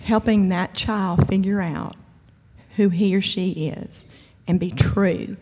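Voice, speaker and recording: A woman's voice: mid-range voice, fairly even intonation, takes it slowly, darkish tone. A woman giving a conversational, emphatic sermon-style talk at a church event, with humor and frequent asides. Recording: long hall reverb.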